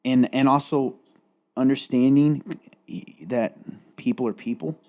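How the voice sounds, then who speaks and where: Emotional guy cohosting a podcast, teary, kinda rambly, warm mellow tone. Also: medium pitch, fairly even intonation, unhurried. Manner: earnest, rambling and confessional. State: tearful, close to crying. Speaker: podcast co-host. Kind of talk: candid faith-based conversation.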